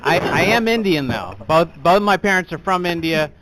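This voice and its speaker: A young American man doing stand-up with a dry, deadpan delivery and a somewhat raised voice. He rambles through his bits casually and easily. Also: on the high side, normal speed. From United States. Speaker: stand-up comedian. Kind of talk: stand-up comedy.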